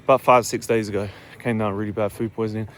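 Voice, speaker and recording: A man's voice: lowish voice, little pitch movement, fast, fairly bright tone, slight background noise. A young man from Essex with an Essex English accent, talking casually and rambling to his vlog camera on an early morning walk outdoors, swearing freely. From Essex, England. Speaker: fitness vlogger.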